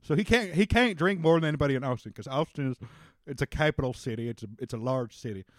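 A man's voice: mid-range voice, quick pace, dry recording, clean studio sound. Rambling man narrating a tabletop game. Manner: loose rambling description with restarts. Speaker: game master.

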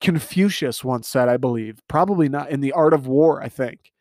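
A young man delivering an animated comedic rant monologue, exasperated and laughing at his own jokes. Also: medium pitch, moderate pace, no echo, studio quality.

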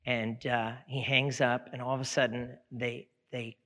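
A man's voice: medium pitch, level tone, measured pace, pushed and bright. A middle-aged male pastor preaching a sermon, conversational and folksy, building to fervent exhortation. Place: church sanctuary. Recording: long church hall reverb.

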